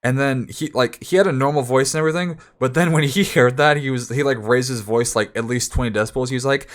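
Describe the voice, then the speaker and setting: A man's voice: mid-range voice, fast talker, hardly any pauses. A young man streaming, telling a story in casual, rambling talk full of restarts, sometimes acting out other people in raised voices.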